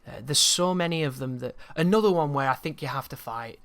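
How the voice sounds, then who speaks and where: Man, game commentary, bright tense voice, slightly high, rambling and swearing. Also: a little fast, smooth. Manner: rambling, opinionated, swears freely. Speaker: gameplay commentator. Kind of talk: casual gameplay commentary.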